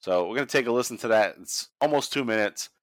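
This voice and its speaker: A man's voice: mid-range voice, fast, no echo. A man hosting a podcast in casual chat, laid-back and crude with jokes. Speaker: podcast host.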